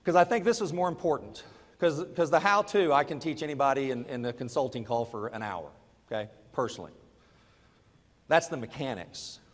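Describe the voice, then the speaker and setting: A middle-aged man giving a motivational talk to a live audience, telling a personal story and moving between quiet confession and loud urging. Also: mid-range voice, brisk, long reverb tail. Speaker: network marketing speaker.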